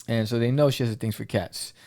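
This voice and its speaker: Guy gushing about a comic on his podcast, kinda gravelly, lots of ums, dry close sound. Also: mid-range voice, quick pace, no room sound. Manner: excitable, rambling, full of fillers and restarts. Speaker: podcast host reviewing comic books. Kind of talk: casual comic book review.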